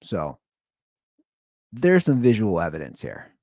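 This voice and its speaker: A man in his thirties hosting a podcast, telling stories in a blunt, profane, animated casual rant. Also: low-pitched, takes it slowly, no echo, clean studio sound. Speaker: podcast host.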